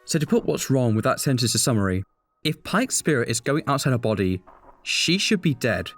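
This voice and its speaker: A man narrates a scripted critique with a sarcastic, exasperated edge. His pitch swings freely up and down, giving the delivery a wry, animated lilt in a mid-range voice. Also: a little fast, soft background music. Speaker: video essayist critic. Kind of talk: scripted commentary.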